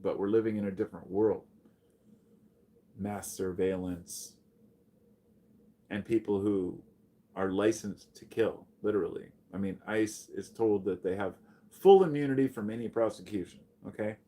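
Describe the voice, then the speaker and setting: A man's voice: on the low side, normal speed, long pauses. A man talking bluntly and profanely on a casual livestream, reading and answering his chat. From United States. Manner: blunt, profane, animated when greeting chatters. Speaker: live streamer.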